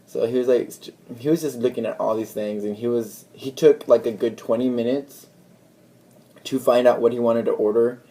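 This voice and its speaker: A young man vlogging in a relaxed, mellow tone, a warm rather than bright voice. He rambles through a story, leaning on "like" and slipping into quoted dialogue, casual and unscripted. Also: medium pitch, normal speed. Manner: rambling, chatty retelling full of "like" and quoted dialogue.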